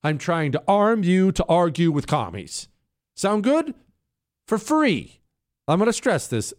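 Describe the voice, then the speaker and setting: A man hosting a political talk radio show, combative and mocking, with sarcastic jabs and punchy emphasis. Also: unhurried. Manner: lively pitch swings, stressing words.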